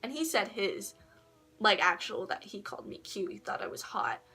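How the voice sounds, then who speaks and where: Bright-voiced teenage girl rambling a story. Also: medium pitch, sing-song, normal speed, husky. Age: teens. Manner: rambling, swearing, laughs often, acts out quotes. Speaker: vlogger. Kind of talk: casual storytelling vlog.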